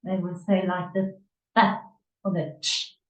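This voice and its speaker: Unhurried woman tutor, distant echoey sound. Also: on the low side, flat delivery. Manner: unhurried, hesitant with many fillers. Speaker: English tutor. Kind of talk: conversation lesson, reading from an article.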